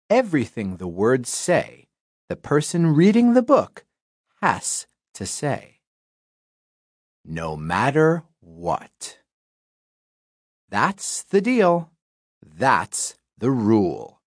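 A woman reading a children's book aloud, doing silly exaggerated voices that swing from deadpan to squealing, in a recording studio. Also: rumbling low, slightly rough, dry recording. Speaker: audiobook reader. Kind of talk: playful children's audiobook reading. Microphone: studio microphone.

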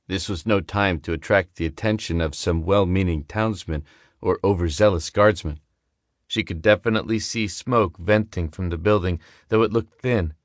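A male audiobook narrator with a low-pitched voice, reading in a steady, measured way. The sound is dry and close, with no room echo. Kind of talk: scripted narration.

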